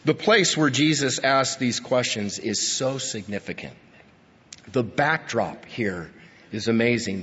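A man preaching a sermon in a church, his husky voice carrying a long hall reverb. He is emphatic, pushing up to stress points and sinking low after them. The recording sounds dull and lo-fi. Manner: emphatic, rising to stress key points then dropping low. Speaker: pastor.

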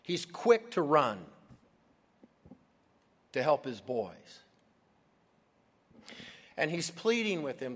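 A man's voice: fairly high pitch, big pitch swings, extremely slow, pauses often, a bit bright. A man preaching a sermon, retelling a story expressively and acting out the voices of its characters. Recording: long hall reverb.

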